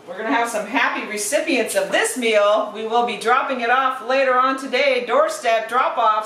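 A woman's voice: fairly high pitch, moderate pace, hardly any pauses, fairly bright tone, roomy sound, recorded from a distance, slight background noise, low-quality recording. A woman hosting a casual cooking demonstration, chatty and playful as she talks through each step. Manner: chatty and playful, narrates steps aloud. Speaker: cooking show host.

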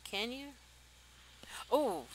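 A young woman hosting a let's play, chatting to viewers in a chatty, excitable way and laughing often. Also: on the high side, drawn-out words, no room sound, rough recording. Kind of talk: casual gameplay commentary.

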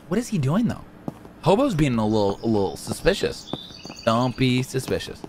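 A man hosting a let's play, joking and excitable, swinging from mumbles to shouts. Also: mid-range voice, normal speed, a little hiss or hum. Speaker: gaming channel host.

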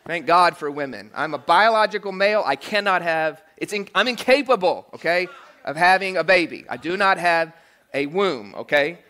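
A male pastor preaching a sermon in a church, animated and joking, with frequent asides like "okay?" and "right?". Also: sits high, moderate pace. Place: church sanctuary.

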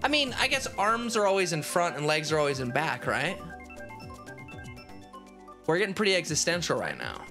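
A woman's voice: low voice, sing-song, normal speed, long pauses, over music. A woman streaming live, chatting on a call in a rambling, crude and giggly way. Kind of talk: casual live-stream chat.

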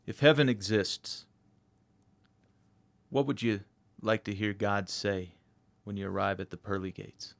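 A man hosting a podcast, asking questions in a calm, polite, deadpan way. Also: lowish voice, a little slow, vocal fry, long pauses. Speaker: podcast host.

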